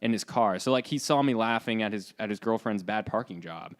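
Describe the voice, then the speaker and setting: Animated young man telling a story. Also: lowish voice, brisk. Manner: animated, lots of "like" fillers, acts out his own lines. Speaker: podcast co-host. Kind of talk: casual storytelling.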